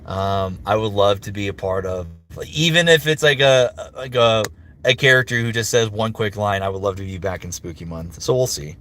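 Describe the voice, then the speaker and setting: A voice actor chats on a livestream, answering viewer comments with upbeat energy, lots of fillers and quick impressions. His voice sits on the low side with a fairly bright tone, and there's slight background noise.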